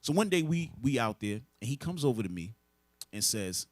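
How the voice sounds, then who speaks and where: In a sing-song, mid-range voice at a moderate pace, a man teaches a religious lesson to a group. He's emphatic, asking rhetorical questions and supplying the answers, and the recording is dry.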